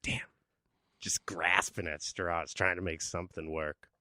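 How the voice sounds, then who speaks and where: A man co-hosting a podcast in casual banter, goofy and deadpan, slipping into silly sound effects. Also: deep voice, measured pace, dry recording, clean studio sound. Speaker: podcast co-host. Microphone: studio mic.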